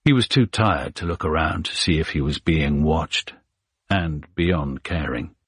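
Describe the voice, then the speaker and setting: A man narrating a thriller audiobook in a steady, measured way. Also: a bass voice, slightly rough, no room sound, clean studio sound. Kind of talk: scripted narration.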